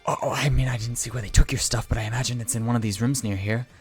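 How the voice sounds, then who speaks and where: Man game master, casual and hesitant, mid pitch. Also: fairly even intonation, racing, faint music behind. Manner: casual, hesitant, many fillers. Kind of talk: narrating a tabletop game.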